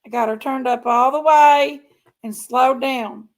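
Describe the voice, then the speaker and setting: Her high voice has fairly even intonation and runs a little slow. She hosts a casual true crime stream, talking to viewers directly and frequently trailing off and repeating herself.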